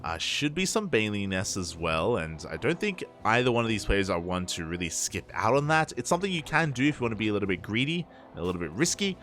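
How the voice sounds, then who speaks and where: A man giving lively play-by-play commentary on a live game as an esports caster, joking and laughing as he talks to the chat. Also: fairly low pitch, quick pace, hardly any pauses.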